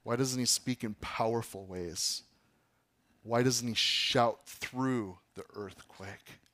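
A man preaching a sermon as pastor, swinging from loud declamation to hushed whispers. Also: medium pitch, takes it slowly.

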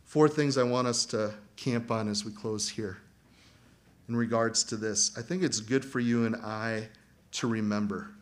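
A man preaching a sermon as pastor, animated and acting out quoted voices. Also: on the low side, a little slow.

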